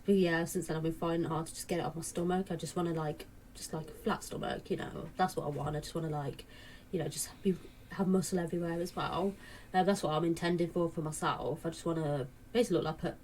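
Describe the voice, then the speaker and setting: A woman's voice: on the low side, darkish tone, slight background noise. A woman in her late twenties chatting casually to camera, rambling with lots of fillers and restarts. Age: late 20s. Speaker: vlogger.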